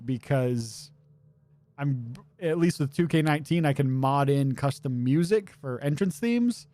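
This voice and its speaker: A man's voice: fairly high pitch, darkish tone, no echo. Rambling, joking man streaming a game. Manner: rambling, joking, swears casually. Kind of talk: casual gaming commentary.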